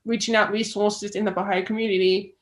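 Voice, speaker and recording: A woman's voice: medium pitch, little pitch movement, fairly quick, low-quality recording. A woman with an Australian accent, a filmmaker guest chatting casually and acting out the reactions she quotes. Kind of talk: casual interview chat.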